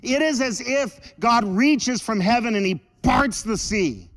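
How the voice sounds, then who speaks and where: High-voiced, animated joking pastor. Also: male voice, unhurried, big-room sound. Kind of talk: sermon. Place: church.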